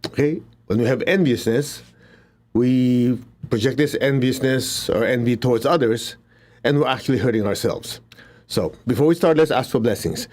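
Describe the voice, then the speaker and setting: A middle-aged man with a mid-range, slightly mellow voice speaks at normal speed. He teaches a spiritual healing session in a casual, chatty way, laughing often and tossing in blunt asides, mixing spoken teaching with invocation.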